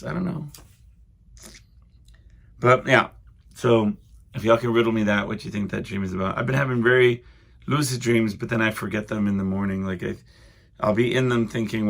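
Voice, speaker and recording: A man's voice: fairly low pitch, fairly even intonation, moderate pace, creaky, pauses often. A young man hosting a solo podcast, rambling through stories with lots of fillers and asides. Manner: meandering, full of fillers and asides. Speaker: podcast host.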